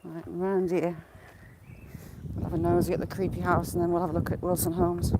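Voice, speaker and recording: A woman's voice: on the low side, flat delivery, fairly quick. A woman with a Northern English accent mixing Yorkshire and Geordie, live-streaming a walk through a village on a handheld phone. She chats away, greets viewers by name and points things out. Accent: Northern English, Yorkshire and Geordie mix. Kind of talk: casual live walk-and-talk. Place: outdoors in a village, walking. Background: crows calling, faint outdoor noise.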